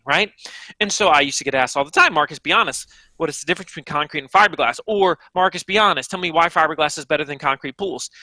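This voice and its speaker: A man, an author being interviewed, answering with animated, emphatic energy and speaking straight to the audience. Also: high voice, no echo. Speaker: author and guest.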